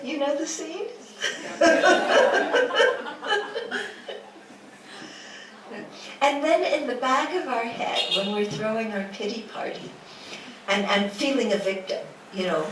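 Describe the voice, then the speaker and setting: A woman Buddhist teacher giving a dharma talk in a lecture room, asking the audience rhetorical questions and acting out quotes playfully. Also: a little high. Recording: echoey room from a distance with noise.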